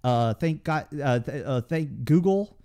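A man's voice: mid-range voice, expressive, unhurried, mellow. A man in casual podcast chat, ranting with heavy swearing and many restarts. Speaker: podcast co-host.

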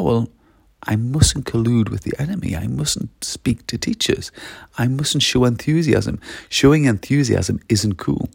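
Gravelly man on school habits. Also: lowish voice, dark tone, dry recording, studio quality. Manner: emphatic, rhetorical questions, acts out pupils' replies. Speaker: education commentator. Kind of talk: opinionated talk to camera.

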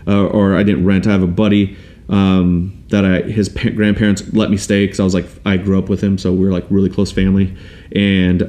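A man's voice: fairly low pitch, mellow. A young man telling his life story on a podcast in a casual, rambling way, with many restarts and quoted voices.

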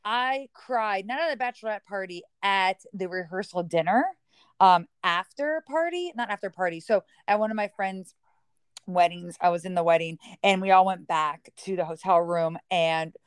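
A woman's voice: medium pitch, normal speed, clean tone, no echo. A woman, the bride, chatting casually and teasing her maid of honor. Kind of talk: casual chat.

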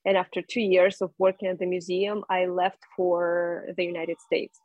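A young woman from Russia, speaking English as an in a casual interview, halting with many fillers and restarts. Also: on the low side, level tone, darkish tone, dry recording, highs cut off. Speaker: guest.

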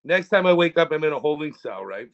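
A man's voice: a little high, big pitch swings, quick pace, gravelly, a bit bright, dull audio. A man telling rambling, profane stories in a casual podcast chat. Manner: rambling and profane, with frequent restarts. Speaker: podcast co-host.

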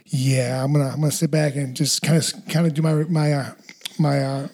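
A man chatting casually as a podcast co-host, telling animated stories full of fillers. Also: fairly high pitch, fairly quick. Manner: animated storyteller, lots of fillers. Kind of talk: casual chat.

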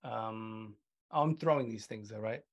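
A man co-hosting a podcast over a video call, chatting casually and halting often with filler sounds. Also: on the low side, muffled recording. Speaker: podcast co-host. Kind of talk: casual chat.

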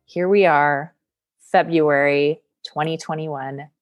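Woman podcast host, chatty and upbeat, slightly low voice, solo talk. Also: fairly even intonation, takes it slowly, faint music behind. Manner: upbeat and chatty, laughs between phrases.

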